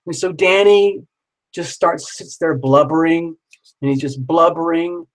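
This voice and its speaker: A man's voice: on the high side, fairly even intonation, measured pace, poor audio. A man telling a story casually, rambling and repeating himself, with some swearing.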